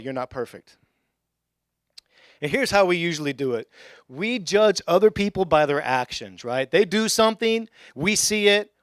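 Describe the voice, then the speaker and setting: A young adult male pastor giving a conversational sermon in a church, with joking asides and bursts of excitement. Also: fairly high pitch, no echo, clean studio sound. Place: church sanctuary.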